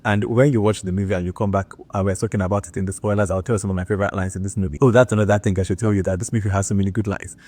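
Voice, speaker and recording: A man's voice: fairly low pitch, steady tone, rapid-fire, few pauses, dark tone, dry recording. A man chatting enthusiastically in a casual movie review, filling his talk with "like". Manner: chatty and enthusiastic, with frequent filler "like".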